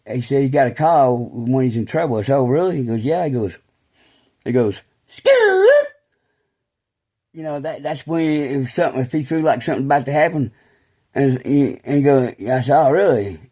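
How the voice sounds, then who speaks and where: A middle-aged man telling rambling, casual stories, full of fillers like "man" and "you know," and turning low and quiet when he speaks of faith. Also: slightly rough.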